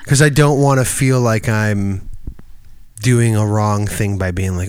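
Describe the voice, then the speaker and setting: Lowish man in casual podcast chat. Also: measured pace, a little mellow, clear, resonant tone, no echo, clean studio sound. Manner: rambling, many fillers, mimics others in high voices. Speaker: podcast co-host, musician.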